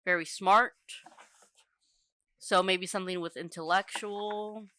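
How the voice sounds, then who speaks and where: A woman co-hosting a casual book discussion, rambling and thinking aloud in relaxed slangy talk. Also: mid-range voice, slow, a little hiss or hum. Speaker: book podcast co-host.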